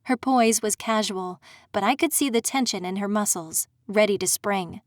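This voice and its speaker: Woman, audiobook narrator, steady dramatic telling, mid-pitched voice, dry close sound. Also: moderate pace, no echo. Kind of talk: first-person audiobook narration.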